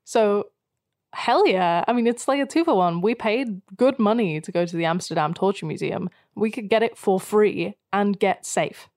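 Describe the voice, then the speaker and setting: A young woman chatting casually as a podcast co-host, at an ordinary pitch. She is giggly and self-deprecating, and her voice is recorded close and completely dry. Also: moderate pace, darkish tone, dry recording. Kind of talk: casual chat.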